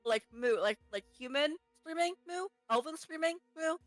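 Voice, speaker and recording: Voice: sits high, expressive, moderate pace, dry recording, faint music behind, poor audio. Player mooing in character. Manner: ends nearly every phrase with "moo"; repeats "like" when thinking. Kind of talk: in-character tabletop role-play.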